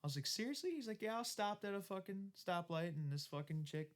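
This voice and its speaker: A man's voice: sits high, brisk. A man co-hosting a podcast in casual chat, laid-back and swearing, laughing along. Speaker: podcast co-host.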